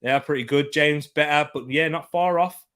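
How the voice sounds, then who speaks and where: Hosting a live football watchalong, this man talks at ordinary speed in a fairly high, fairly bright voice. He rambles through relaxed match commentary, says things more than once, and reads out comments from the chat.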